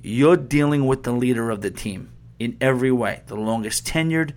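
A man's voice: medium pitch, normal speed, a little mellow. Heated, profane man ranting on a podcast. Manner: heated, profane, rambling with restarts. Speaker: podcast host. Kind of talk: casual sports podcast rant.

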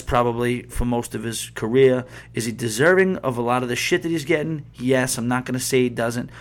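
A man hosting a sports podcast, ranting in a heated, profane, rambling way full of restarts and asides. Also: mid-range voice. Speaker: podcast host. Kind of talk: casual sports podcast rant.

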